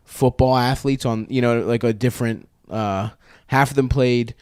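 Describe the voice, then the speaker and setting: A man's voice: medium pitch, steady tone, moderate pace, a little mellow, clear, resonant tone, no room sound, clean studio sound. A young man on a podcast telling a long story in a casual, rambling, profane way, often restarting his sentences. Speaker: podcast co-host.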